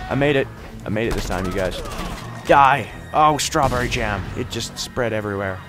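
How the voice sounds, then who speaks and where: A teenage boy in his mid-teens doing excitable, jokey let's-play commentary, yelping and shouting at the game. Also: medium pitch, slow pace, faint music behind. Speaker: gaming YouTuber.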